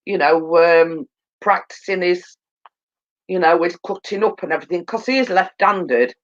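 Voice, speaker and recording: A woman's voice: lowish voice, normal speed, dull audio. A woman hosting a casual livestream, tired and coming down with a cold, rambling with lots of fillers and repeated phrases. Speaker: livestream host. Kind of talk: casual chat. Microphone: phone.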